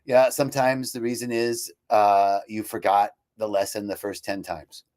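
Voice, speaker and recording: A man hosting an inspirational live talk, telling stories in an animated way and laughing easily. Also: on the low side, normal speed. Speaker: host.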